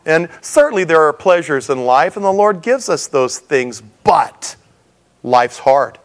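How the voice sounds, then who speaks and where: Middle-aged guy pastor giving a sermon, chatty and jokey, kinda high voice. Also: sing-song, moderate pace. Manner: conversational preaching with humorous asides.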